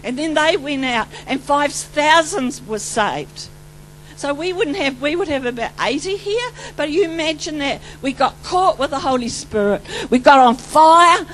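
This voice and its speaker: A woman preacher gives an excited, rambling testimony sermon. Her voice sits high and swings from loud exclamations to hushed asides. A faint hum runs underneath. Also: unhurried, rough recording. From New Zealand.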